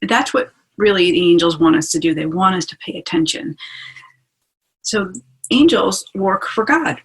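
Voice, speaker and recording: A woman's voice: on the low side, normal speed, rough recording. A woman hosting a webinar as a spiritual teacher, talking in a chatty, enthusiastic way over a video call. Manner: chatty and enthusiastic, asks listeners along. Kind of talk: casual teaching talk.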